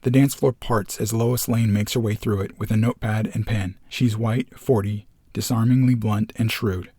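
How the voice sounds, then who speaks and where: A man reading a screenplay aloud as narrator, steady and matter-of-fact. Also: lowish voice, normal speed, slightly rough, no room sound.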